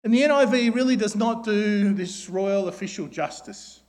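A man preaching a sermon, asking his listeners rhetorical questions and often ending his points with tag questions like "isn't it?", then dropping to a soft, slow voice when he quotes a prayer. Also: high-pitched.

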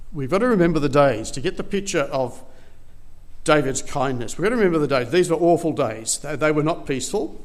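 A man delivering a sermon with a fairly high voice. He tells the story in a relaxed, conversational way, stumbling and restarting as he goes. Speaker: preacher.

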